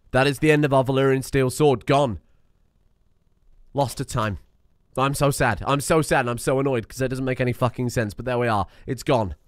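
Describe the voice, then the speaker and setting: A man's voice: medium pitch, dry recording. Man giving dry, muttered gameplay commentary. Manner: talks to himself while playing, swearing and exasperated. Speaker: let's play streamer.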